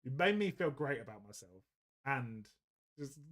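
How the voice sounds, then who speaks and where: A man's voice: medium pitch, lively intonation, moderate pace, fairly bright tone. A man, casually chatting and telling rambling stories while hosting a painting stream, laughing often. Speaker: host of a painting livestream. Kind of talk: casual chat. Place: indoors at painting desk.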